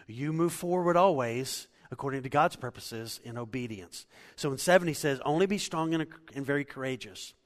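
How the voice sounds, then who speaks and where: A man's voice: mid-range voice, animated, normal speed, hardly any pauses. Man preaching in a reverberant hall. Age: 40s. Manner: conversational, laughing asides. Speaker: pastor. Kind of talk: sermon.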